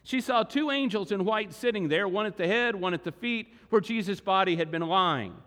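High-voiced man preaching in a reverberant hall. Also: fairly bright tone. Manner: dramatic retelling with acted quotes, slowing for emphasis. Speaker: pastor. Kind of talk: sermon. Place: church sanctuary.

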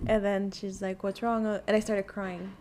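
A woman's voice: medium pitch, level tone, unhurried, mellow. A woman on a podcast telling a story in casual chat, acting out her own quotes and swearing freely. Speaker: podcast guest.

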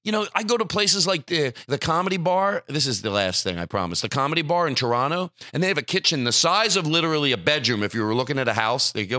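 A man ranting in casual podcast chat, his voice bright and forceful. He jumps between loud, pitched-up bursts and low grumbled asides, heard close on a dry studio mic with no room sound. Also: sing-song, fast talker, hardly any pauses, dry recording. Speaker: podcast host.

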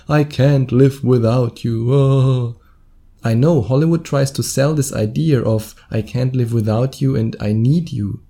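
This solo podcast monologue comes from a man in his thirties with a German accent, whose mid-pitched voice is very dark, mellow and gravelly. He stays chatty, chuckling whenever he makes a mistake.

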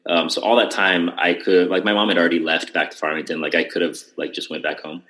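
A man's voice: low voice, flat delivery, quick pace, bright, forceful tone, poor audio. A young man hosting a podcast, telling a long story in casual chat with lots of restarts and fillers. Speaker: podcast host.

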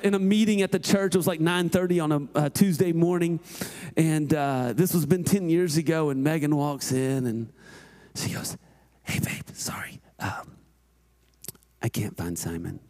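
A male pastor in his thirties with a notably high voice tells a sermon story. He is animated, sinking into quiet asides and then climbing into loud, shouted emphasis.

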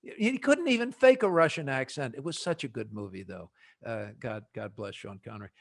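A man with a New Jersey accent hosting a podcast panel, animated and joking as he prods his guests with quick questions. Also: medium pitch, gravelly. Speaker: podcast host. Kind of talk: casual panel discussion.

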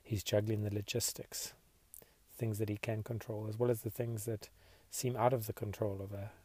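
A man hosting a podcast, leading listeners in a slow, reflective devotional meditation. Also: fairly low pitch, flat delivery, breathy edge, no room sound. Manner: slow, reflective, soft-spoken. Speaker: podcast host.

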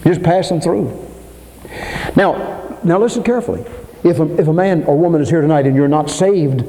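An older man preaching a dramatic sermon in a church, swinging between soaring emphasis and low asides. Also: animated, normal speed, mellow, a little hiss or hum. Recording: long hall reverb.

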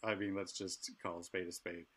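A man's voice: sits low, level tone, a little fast, a bit bright, breathy edge. A middle-aged man co-hosting a casual chat, speaking candidly and laughing often. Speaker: podcast co-host.

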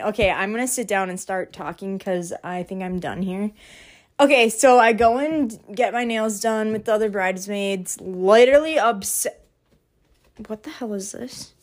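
This is a young woman filming a casual catch-up vlog at home. She rambles, stacks up fillers and restarts, and often breaks into small laughs as she moves about packing. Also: mid-range voice. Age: young adult. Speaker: vlogger. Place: indoors at home, packing and moving around.

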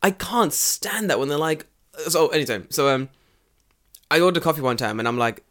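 A man's voice: fairly high pitch, animated, moderate pace, a bit bright. A man co-hosting a casual chat, telling profane stories with lots of mimicked voices.

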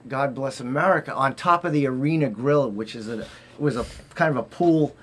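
A man's voice: mid-range voice, brisk, a bit bright, slightly rough. A man with a Boston accent, a guest on an interview, telling long rambling anecdotes with many fillers and restarts. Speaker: guest, former Olympic figure skater. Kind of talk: casual interview storytelling.

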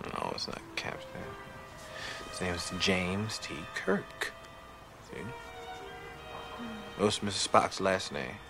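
A boastful Star Trek fan quizzes people with smug certainty. His voice sits very low with a gravelly edge. Music plays clearly under this film clip. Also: lively intonation, takes it slowly, pauses often, exaggerated voice.

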